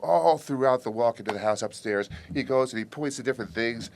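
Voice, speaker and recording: A man's voice: mid-range voice, fairly quick, vocal fry, darkish tone, a little hiss or hum. A man telling a joke in casual conversation, narrating it plainly.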